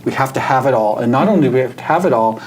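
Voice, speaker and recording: A man, a guest who does energy work, talking earnestly and reflectively in a relaxed conversation and slowing down to stress his points. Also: medium pitch, husky, low-quality recording. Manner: earnest, reflective, slows down for emphasis. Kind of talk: casual spiritual conversation.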